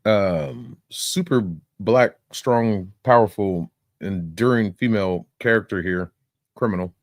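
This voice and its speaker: Rambling, profane low-voiced man. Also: slow pace, no room sound, studio quality. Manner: rambling, profane, laughing, with sound-effect fillers. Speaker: reaction streamer. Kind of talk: casual commentary.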